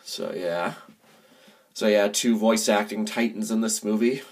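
A low-voiced man talks through a film review in a casual, unhurried way. He speaks slowly and keeps stopping to hunt for words with plenty of filler sounds in between. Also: steady tone. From United States. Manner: halting, many filler pauses.

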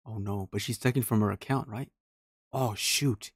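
A man's voice: lowish voice, normal speed, husky, no echo. A man streaming a horror game, talking casually to himself and reading the game's text aloud as he plays. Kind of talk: casual let's-play commentary.

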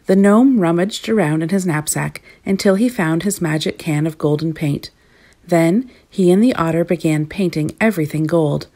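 A woman reading a children's story aloud in an expressive storybook cadence. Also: lowish voice, normal speed.

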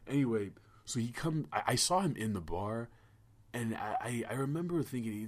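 A man's voice: medium pitch, animated, normal speed. A man hosting a casual podcast, telling stories in a rambling way with stammered restarts and swearing. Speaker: podcast host. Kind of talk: casual podcast chat and storytelling.

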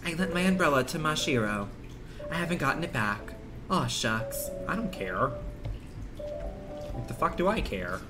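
A man streaming a horror game, muttering crude, sarcastic commentary in a deadpan way. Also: a little high, normal speed, pauses often, music in the background. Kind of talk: casual let's-play commentary.

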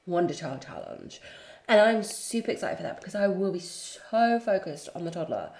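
Gushing young woman, lively pitch. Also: normal speed, reverberant. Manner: gushing, excitable, cooing baby talk. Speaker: gaming YouTuber. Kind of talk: let's-play commentary.

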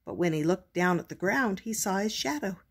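Older woman reading a children's book, husky. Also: mid-range voice, fairly quick. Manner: gentle, expressive storytelling. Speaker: storyteller grandmother. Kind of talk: reading a picture book aloud.

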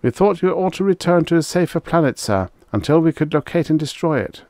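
Man doing a jittery deferential officer, much higher. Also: lively intonation, brisk, darkish tone, no room sound, studio quality, close to an everyday voice. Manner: nervous, respectful, saying sir. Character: deferential high-ranking male military officer.

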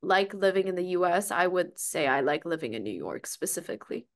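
A woman's voice: on the low side, sing-song, brisk. A woman in her twenties, a content creator from Beijing who speaks with an American accent, answering interview questions in a breezy, offhand way. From Beijing, China. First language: Mandarin Chinese. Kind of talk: casual interview.

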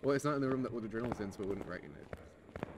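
A man of middle pitch chats with friends over a game, hesitant and tripping over his words. A clear hiss and ambient noise sit behind him. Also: fast. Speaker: gamer. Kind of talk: casual chat while gaming.

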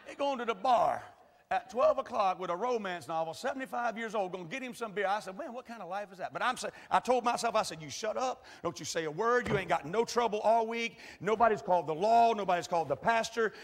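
A man preaching a sermon and telling a folksy story, dropping to quiet asides and rising to shouted preaching. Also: high-pitched, fast. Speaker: pastor. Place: large church hall. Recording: echoey church hall.

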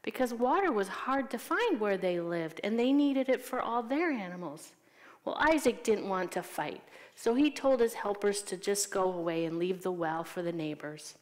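A woman telling a Bible story to young children as a Sunday school teacher, gently asking them questions. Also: medium pitch, expressive, moderate pace, big-room sound.

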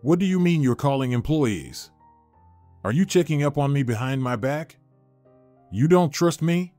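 A man's voice: fairly high pitch, expressive, normal speed, dark tone, no echo, soft background music, natural voice. A man voicing a suspicious, indignant husband in a narrated story, sounding sarcastic and defensive.

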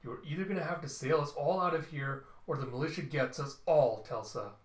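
A man's voice: fairly high pitch, brisk, recorded from a distance, close to an everyday voice. A man reading a desperate pleading father. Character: desperate young father pleading for his daughter. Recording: roomy echo.

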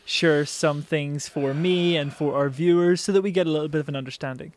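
A man's voice: on the high side, steady tone, fairly quick, darkish tone, dry recording. A man hosting a casual interview show, upbeat and joking, laughing often. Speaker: host.

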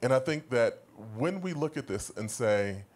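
A man speaking as a panelist in a live discussion, explaining points in a measured, scholarly way. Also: medium pitch, expressive, a little mellow.

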